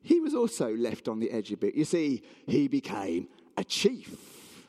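Animated man preaching in a reverberant hall. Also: mid-range voice, measured pace. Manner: animated, acts out voices of townspeople. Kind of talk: storytelling sermon.

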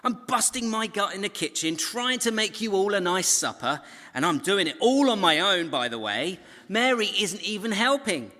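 A man's voice: high-pitched, big pitch swings, moderate pace, pushed and bright, pitched above the performer's own voice, full character voice. A man voicing an exasperated, overworked woman who complains indignantly that her sister won't help. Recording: long hall reverb.

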